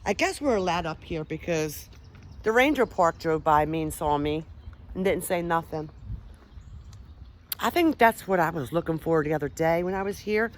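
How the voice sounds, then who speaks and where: A woman's voice: low voice, lively intonation, moderate pace. Woman rambling on a trail vlog, chatty, keeps getting sidetracked, swears a bit. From Pennsylvania, USA. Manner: chatty, rambling, easily distracted, swears casually. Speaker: paranormal vlogger. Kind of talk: casual walking vlog. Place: outdoors on a park trail.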